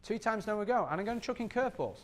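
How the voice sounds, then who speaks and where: Speaking very fast in a high voice, a man conducts a sales training workshop. He's energetic, tends to repeat points, and often acts out exchanges with customers.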